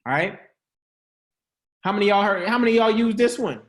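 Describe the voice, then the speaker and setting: Male preacher-host, fairly high voice, upbeat motivational talk, playful and slangy, quick laughs, keeps quizzing the crowd. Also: lively intonation. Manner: casual, slangy delivery. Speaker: host of an online church-style teaching.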